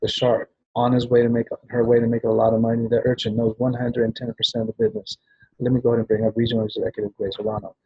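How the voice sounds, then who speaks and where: A man's voice: medium pitch, little pitch movement, racing, husky, lo-fi sound. A man giving a rambling training talk to sales agents, often restarting and checking in with "right?". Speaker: business trainer at a travel party.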